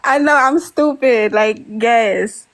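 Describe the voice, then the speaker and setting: Speaking slowly in a higher-pitched voice, this twenty-something caller on a live stream rambles through a casual, confessional story about herself, laughing nervously and leaning on lots of fillers. The audio quality is poor.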